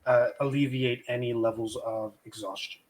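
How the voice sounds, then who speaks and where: A man's voice: medium pitch, steady tone, moderate pace. A man playing a tabletop game, talking casually and bluntly, with some swearing. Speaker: player.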